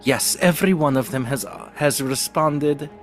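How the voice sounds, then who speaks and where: A man's voice: fairly high pitch, a little slow, soft background music, voice pushed up, natural voice. A man voicing a nervous, apologetic female servant who hesitates and stammers.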